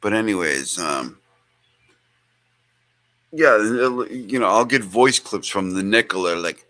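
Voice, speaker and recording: Gravelly host guy rambling slowly, bright edgy tone, swears a lot. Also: lowish voice, animated, no room sound. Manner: rambling and profane, with many fillers. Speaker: show host. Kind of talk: casual chat.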